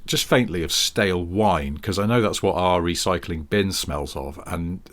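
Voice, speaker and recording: A man's voice: low voice, moderate pace, a bit bright. A man co-hosting a casual podcast chat, telling a story in a wry way. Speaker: podcast co-host. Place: home.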